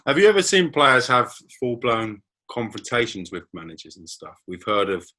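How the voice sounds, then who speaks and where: A man interviewing a former footballer, asking questions in a relaxed, conversational way. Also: mid-range voice, moderate pace.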